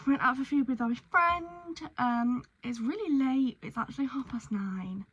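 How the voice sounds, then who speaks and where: A woman talks into the camera in a loose, candid vlog style, thinking aloud and filling gaps with ums. Her voice sits slightly higher than most women's. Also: animated, normal speed, few pauses, a bit bright, husky, lo-fi sound. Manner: rambling and candid, many ums. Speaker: crochet vlogger. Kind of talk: casual vlog chat.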